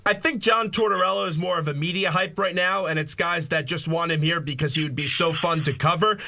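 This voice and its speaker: A man's voice: fairly high pitch, brisk, vocal fry, pushed and bright, dry recording. A young man hosting a sports talk radio show, asking eager, talkative questions. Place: radio studio.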